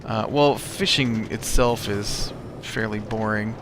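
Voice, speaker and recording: A man's voice: on the low side, fairly even intonation, slow pace, noisy background. A man hosting a let's play, telling a rambling story full of uhs and restarts with a wry edge while he plays. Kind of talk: casual storytelling while playing a game.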